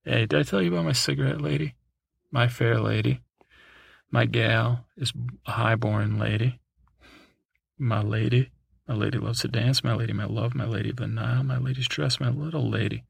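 A man's voice: medium pitch, creaky, husky, no echo. A man hosting a sleep podcast, reading through a long list in a drowsy way, with chuckles, asides and bits of song. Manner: breaks into snatches of song. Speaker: podcast host.

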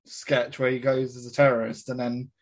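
A man's voice: mid-range voice, flat delivery, moderate pace. A young man co-hosting a podcast in casual chat, laughing often as he tells stories. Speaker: podcast co-host.

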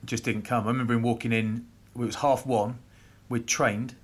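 A man, former rugby player, co-hosting a podcast and telling stories in lively casual chat. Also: medium pitch, slightly rough. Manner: animated anecdote telling with quick voice impressions.

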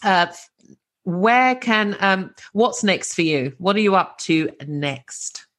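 A woman's voice: medium pitch, animated, takes it slowly, fairly bright tone. Bubbly British woman hosting. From Britain. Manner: bubbly, laughs often, enthusiastic. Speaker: podcast host. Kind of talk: podcast interview.

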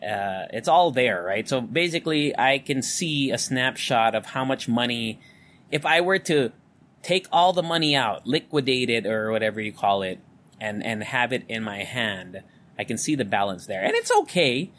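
A man's voice: medium pitch, very animated, moderate pace, a bit bright. Candid man rambling with a neutral American accent. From Philippines. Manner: candid, rambling, swears freely. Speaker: podcast host. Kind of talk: casual solo podcast monologue. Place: home room with electric fan running. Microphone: studio condenser mic.

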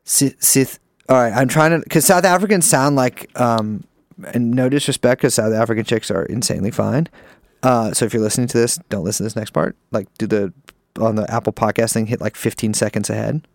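A man's voice: medium pitch, brisk, creaky, no echo. A man co-hosting a podcast in casual, rambling and profane chat, joking and restarting his sentences. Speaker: podcast co-host.

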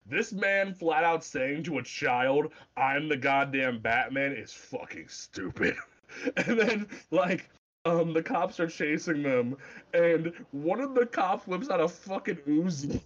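A man's voice: fairly high pitch, lively intonation, a little slow, dull audio. A man casually chatting as a podcast co-host, rambling and exasperated, swearing freely. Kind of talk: casual chat.

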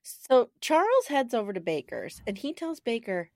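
A lively woman co-host chats through a show recap, her pitch bouncing high and low as she acts out lines. She laughs often. The voice is close and dry, with no room sound. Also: moderate pace, no room sound. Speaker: podcast co-host. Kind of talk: casual recap chat.

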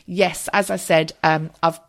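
A woman in her thirties talks through her own podcast in an easygoing, candid way, peppering her chat with ums and the odd swear word. Her voice sits a little low and carries a gravelly edge. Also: fairly even intonation, unhurried, a bit bright. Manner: chatty, candid, swears casually, frequent ums. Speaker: podcast host. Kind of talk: casual solo podcast chat.

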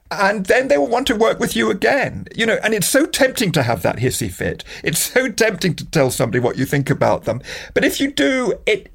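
A man's voice: a little high, vocal fry, husky. A middle-aged man as an interview guest, telling candid, wry anecdotes with frequent restarts. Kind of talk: conversational anecdote.

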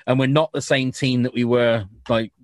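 Chatty English podcast host, dry sound. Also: male voice, mid-range voice, fairly even intonation, moderate pace, no room sound. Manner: chatty, laughs often, self-interrupting. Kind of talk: casual podcast chat. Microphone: remote call.

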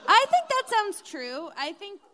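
A woman's voice: very high-pitched, sing-song, unhurried, crowd noise. A woman co-hosting a podcast, chatty and giggly with many fillers in casual talk. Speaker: podcast co-host. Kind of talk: casual chat.

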